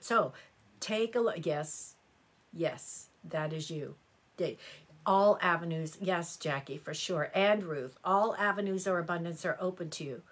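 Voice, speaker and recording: Woman, middle-aged, low voice, chatty, exclamatory, live horoscope reading, talks to viewers. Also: a bit bright, husky. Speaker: astrology reader.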